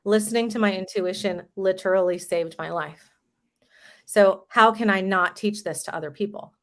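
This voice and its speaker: A woman's voice: mid-range voice, normal speed. A woman in her thirties, a podcast guest, telling a personal story in a candid, casual way and swearing now and then.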